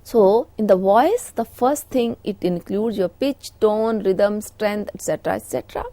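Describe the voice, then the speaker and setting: With a warm, medium-pitched voice and a measured pace, a middle-aged Indian English speaker delivers a recorded lecture. She sprinkles "you know" throughout her explanations, and there's no echo.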